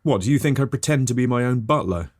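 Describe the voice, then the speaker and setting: A man's voice: mid-range voice, expressive, quick pace, a little mellow, no room sound, studio quality. A man hosting a comic podcast, talking in a chirpy, eager and over-apologetic way. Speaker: podcast host. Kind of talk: comic scripted host patter.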